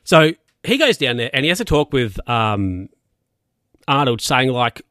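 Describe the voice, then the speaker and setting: Bloke, mid-pitched, dry close sound, loose rambling recap delivery, swears freely. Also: male voice, very animated, a little slow, bright, forceful tone, no echo. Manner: rambling, sweary, chuckles often. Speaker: show recapper. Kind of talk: casual spoken TV recap.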